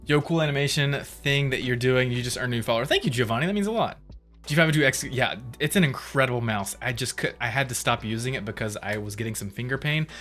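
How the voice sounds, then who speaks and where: A man's voice: medium pitch, fast talker, fairly bright tone. Brief: man in his thirties, casual stream chat, rambling and chatty, mid voice, faint music underneath. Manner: rambling, laughs often, reads chat aloud. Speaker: livestreamer.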